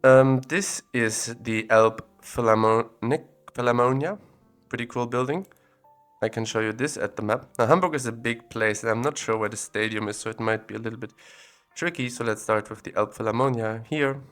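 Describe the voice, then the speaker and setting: A man's voice: mid-range voice, moderate pace, soft background music. A man giving casual, think-aloud commentary while exploring places on a map, recorded on a separate audio recorder. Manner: thinking aloud, relaxed and chatty.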